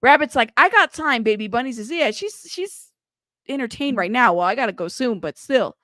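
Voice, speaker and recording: A woman's voice: a little high, expressive, moderate pace, a bit bright, dry recording, clean studio sound. A woman hosting a casual livestream, chatting and reading viewer comments in a teasing, rambling way, cussing and laughing often. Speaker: livestream news host.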